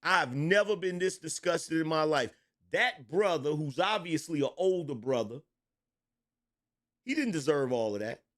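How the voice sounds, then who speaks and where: A man's voice: a little high, lively intonation, unhurried, fairly bright tone. Emphatic, blunt middle-aged man host. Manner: blunt, emphatic, repeats lines, swears freely. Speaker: livestream commentary host. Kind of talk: livestream commentary, reading out chat.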